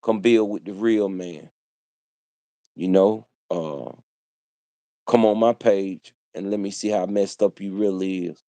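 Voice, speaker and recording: Man, livestream monologue, preachy and repetitive, low voice, dry close sound. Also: fairly even intonation, slow, long pauses, warm tone, dry recording. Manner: preachy, repetitive, street slang. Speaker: livestream host.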